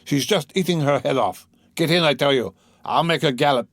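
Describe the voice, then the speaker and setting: A man reading an audiobook, voicing a young, drunken, brutal peasant carter who shouts and bullies. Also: fairly high pitch, fairly quick, dry recording, clean studio sound. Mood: boisterous. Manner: shouting, bullying.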